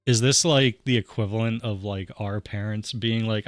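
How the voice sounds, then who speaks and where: A man's voice: lowish voice, fairly even intonation, normal speed, hardly any pauses, no room sound, studio quality. A man playing through a dating game, reading lines aloud and joking along. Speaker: game streamer.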